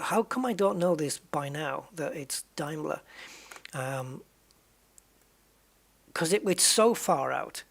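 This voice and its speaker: A man talks his way through a racing game in loose, casual commentary. He muses aloud, drifts between thoughts and stops to correct himself, like a gaming host chatting to his viewers. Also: fairly high pitch. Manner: rambling, musing and self-correcting.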